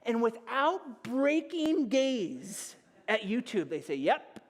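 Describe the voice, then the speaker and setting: A man preaching a sermon as pastor, animated and storytelling, acting out little scenes and dropping to a hush on key points. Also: very high voice, slow. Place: church sanctuary. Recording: church hall reverb.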